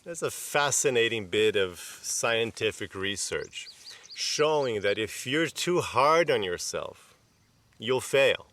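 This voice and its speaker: A man's voice: medium pitch, expressive, takes it slowly, fairly bright tone. A man teaching on yoga and self-improvement in a loose, conversational way, often saying "you know" and "like" and acting out the self-talk he describes. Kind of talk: casual self-help talk to camera.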